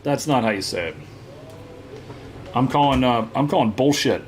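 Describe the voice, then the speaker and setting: Man, card-break host, teasing live chat, very lively pitch, faint noise behind. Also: normal speed. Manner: teasing, banter with viewers, frequent "uh" fillers. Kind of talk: casual live-stream chat.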